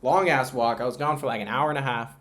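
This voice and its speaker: A young man thinks out loud through a live trading stream. His talk rambles and is peppered with swearing. He often trails off into a quiet mutter under his breath. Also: mid-range voice, fast talker. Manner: rambling, profane, emotional self-talk. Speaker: trading livestreamer. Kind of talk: casual live-stream monologue.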